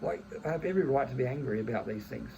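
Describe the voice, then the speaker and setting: A gravelly man in his thirties vents in a casual monologue. His voice is dark and rough, and he talks bluntly and angrily, swearing freely and tripping over restarts. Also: medium pitch, animated, fast talker, highs cut off, a little hiss or hum. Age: 30s. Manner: angry, blunt, swears heavily, restarts phrases. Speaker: vlogger.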